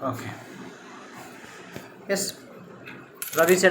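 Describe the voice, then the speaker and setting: A man with an Indian English accent teaching a story lesson to students, halting, with many fillers, stopping to explain word meanings. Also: fairly high pitch, noisy background.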